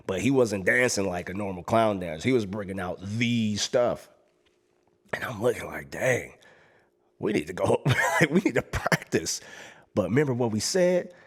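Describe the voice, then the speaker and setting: A man telling a story about his past, acting out what he and others said with sudden jumps in his voice, laughing now and then. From Los Angeles. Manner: acts out his own past lines with big jumps in pitch and volume; laughs between lines, slangy. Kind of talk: animated personal storytelling.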